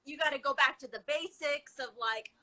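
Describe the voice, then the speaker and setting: Guest: excitable woman athlete, bright, high-leaning voice, rambling energy on a phone call. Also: moderate pace. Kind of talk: casual livestream interview. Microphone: phone on a livestream video call.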